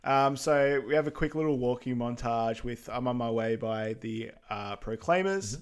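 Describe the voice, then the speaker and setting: A man's voice: mid-range voice, moderate pace, clear, resonant tone. A man co-hosting a podcast, summarizing a film's plot in an easygoing, casual way. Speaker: podcast co-host. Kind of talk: casual film recap chat.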